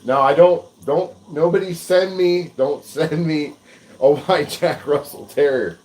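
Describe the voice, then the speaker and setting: An American man with a voice on the high side speaks unhurriedly while hosting a live cooking stream. He rambles casually and self-deprecatingly, chuckling often, over background noise.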